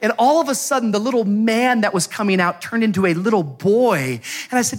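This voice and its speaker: A man delivers a sermon in a church sanctuary. His voice sits high and moves restlessly up and down. He shifts between laid-back, joking storytelling and loud, fervent preaching. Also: a little fast, hardly any pauses. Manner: animated, jokey, building to loud preaching. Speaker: pastor. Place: church sanctuary before a congregation.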